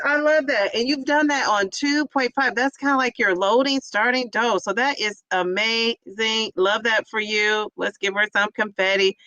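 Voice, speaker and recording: A woman with a somewhat high, slightly bright voice runs a casual livestream, reading chat aloud and responding warmly to her viewers. She's talkative and meandering, leaning on fillers as she cheers them on. The audio is dry and poor in quality.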